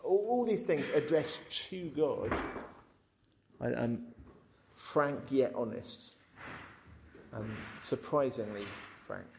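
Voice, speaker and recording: Guy with a gravelly voice teaching on a psalm, chatty, kinda stumbly and repeats himself. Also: mid-range voice, takes it slowly, pauses often, background noise. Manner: frank, animated, repeats words, acts out quotes. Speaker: Bible teacher. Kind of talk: conversational Bible talk.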